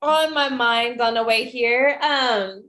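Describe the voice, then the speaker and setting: A woman on a podcast speaking earnestly in casual, reflective chat, halting a little and using fillers like "um". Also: on the high side, a bit bright.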